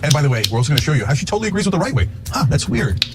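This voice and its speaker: A man's voice: a little high, sing-song, racing. A man giving online political commentary in an emphatic, punchy, teasing way.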